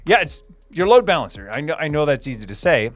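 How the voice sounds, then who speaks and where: A man's voice: a little high, sing-song, fast talker, a bit bright, faint music behind. A man hosting a casual livestream, chatting with viewers and rambling through answers with many fillers and repeated phrases. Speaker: livestream host.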